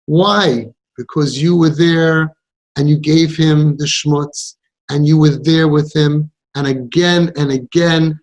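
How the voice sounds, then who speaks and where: A man's voice: on the high side, steady tone, slow pace. A man coaching parents in an impassioned counseling talk, stressing points by repeating them and mixing in Yiddish and Hebrew words. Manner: emphatic, repeats phrases for stress.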